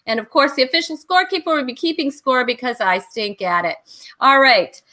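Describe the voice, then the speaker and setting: A bubbly woman hosts a casual online talk show, running a trivia game and laughing often. Her voice sits high and sounds bright and sharp. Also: a little fast. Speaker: host.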